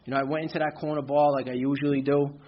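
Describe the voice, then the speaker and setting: A man's voice: mid-range voice, level tone, very fast, highs cut off. A man giving a candid, rambling personal testimony at a recovery meeting, often saying "you know". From Brooklyn, New York. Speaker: speaker sharing his recovery story.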